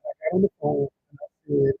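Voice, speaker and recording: A man's voice: a little high, fairly even intonation, fairly quick, gravelly, husky, no room sound, narrow, tinny audio. A relationship coach, a man, telling a personal story on a live stream and talking straight to his viewers in an emotional way, into a handheld mic. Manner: emotional, addresses viewers directly as y'all. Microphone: handheld microphone.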